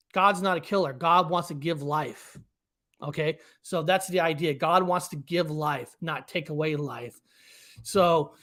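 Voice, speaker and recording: A man's voice: sits high, a bit bright. Rambling man with casual commentary. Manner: rambling, with many restarts and repeated words. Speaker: cartoon creator and host.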